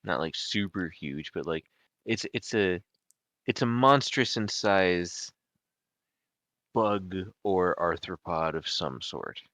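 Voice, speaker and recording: A man's voice: sits low, lively intonation, slow pace, a bit bright, dry recording. A man narrating as game master of a tabletop game, rambling and restarting his sentences.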